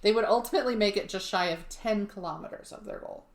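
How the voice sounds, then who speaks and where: A woman's voice: mid-range voice, lively intonation, fast, gravelly. Chatty woman podcaster in a roomy space. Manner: chatty, wry asides, laughs at herself. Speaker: podcast co-host. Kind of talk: casual storytelling podcast.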